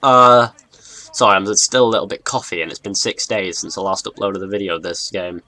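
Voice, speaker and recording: Young male gaming YouTuber, mixed English accent, rambling and excitable commentary. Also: low voice, fairly quick, no echo. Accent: mixed northern and southern English. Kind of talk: let's play commentary.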